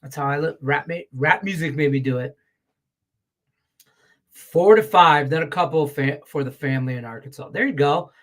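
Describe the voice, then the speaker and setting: A man's voice: on the high side, moderate pace, fairly bright tone. A middle-aged man, a sports betting handicapper, talking bluntly and profanely in a rambling, casual way on a picks show.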